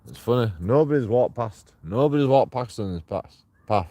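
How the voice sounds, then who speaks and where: Man, angry vlog rant, heavy swearing, mid-pitched voice, dry close sound, outdoors at night. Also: animated, normal speed, few pauses, mellow, no room sound. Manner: angry, profane, taunting. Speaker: street auditor filming himself. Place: outdoors on a dark path at night.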